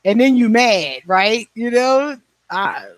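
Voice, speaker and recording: A man in his forties, his voice pitched high, chats on a livestream in a blunt, profane way, laughing often and thanking viewers by name. The sound is dry and close, with no room echo. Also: very animated, slow. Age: 40s. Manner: answers viewer comments by name. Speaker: livestream host. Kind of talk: casual livestream chat.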